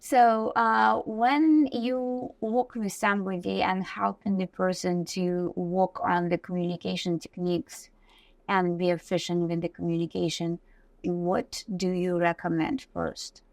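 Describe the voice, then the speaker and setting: A woman's voice: on the low side, fairly even intonation, a little slow, gravelly, no echo, far from the mic. A woman hosting an interview in a conversational way, with some fillers. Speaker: podcast host.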